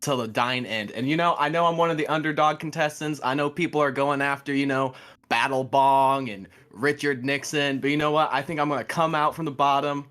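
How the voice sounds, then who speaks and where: A man's voice: medium pitch, steady tone, fairly quick, fairly bright tone. Joking, self-deprecating young man. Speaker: guest. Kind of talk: casual live show chat.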